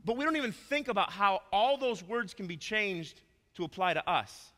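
A man preaching a sermon as pastor, swinging between loud emphatic points and soft asides. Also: high-pitched, expressive, moderate pace. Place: church sanctuary. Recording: long reverb of a church hall.

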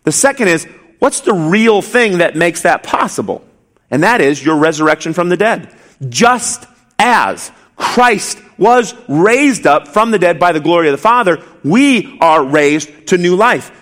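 A man's voice: on the high side, animated, normal speed, a bit bright. A male pastor preaching an expository sermon, emphatic, asking rhetorical questions and repeating key phrases.

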